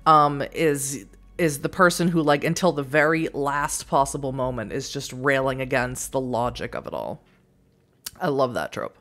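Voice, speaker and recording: A woman streaming a text-based game, chatting casually and reading the story aloud in a bubbly, excitable way. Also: very deep voice, moderate pace. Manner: bubbly and excitable, reads narration with gentle emphasis. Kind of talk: casual let's-play chat and reading aloud.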